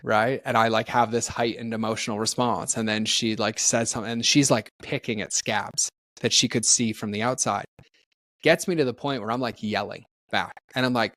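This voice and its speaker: A man's voice: medium pitch, fairly even intonation, fairly quick, fairly bright tone, dry recording. A middle-aged man, a personal development trainer, telling a candid story as a podcast guest and animatedly acting out quoted dialogue.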